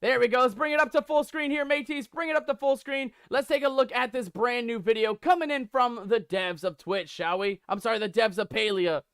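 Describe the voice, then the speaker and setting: A man's voice: very high-pitched, fairly even intonation, brisk, few pauses, fairly bright tone, clear, resonant tone, no echo. A man streaming live games, playing a playful pirate captain who hypes up his viewers with lots of repetition. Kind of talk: live game stream commentary.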